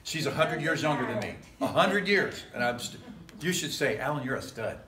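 Man, pastor, casual joking sermon, rambling asides, somewhat high voice, echoey church. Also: expressive, normal speed, crowd noise. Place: church sanctuary.

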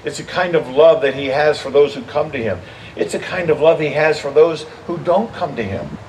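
A man's voice: a little high, normal speed. An older man preaching a sermon as interim pastor, earnest and building to emphatic appeals. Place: church sanctuary. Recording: distant mic with steady background noise.

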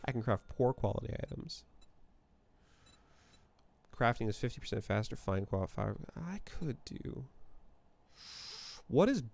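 A man's voice: mid-range voice, big pitch swings, moderate pace, vocal fry, pauses often, a little mellow, slight background noise. Rambling male gamer streaming from home. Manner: rambling, self-correcting, thinks aloud. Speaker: live streamer. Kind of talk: casual gameplay livestream chat. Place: apartment room.

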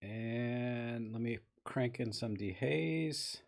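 A man's voice: medium pitch, drawn-out words, gravelly. Chatty man editing photos live. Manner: chatty, thinking aloud, greets viewers while working. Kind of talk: casual live-stream commentary.

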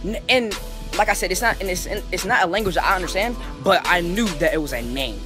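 A young man telling a story in a casual, animated and profane way, full of slang. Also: sits high, fast, over music. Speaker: storytelling vlogger.

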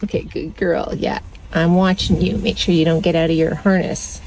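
A woman vlogging casually from inside a parked car, chatting to viewers and cooing at her dog in a high sing-song voice. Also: steady tone, moderate pace, a little mellow, a little hiss or hum, poor audio. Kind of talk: casual chat.

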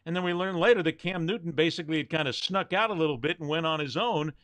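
A man's voice: on the high side, fast, a bit bright, no echo. A man hosting a sports talk show, emphatic and opinionated as he leads the debate.

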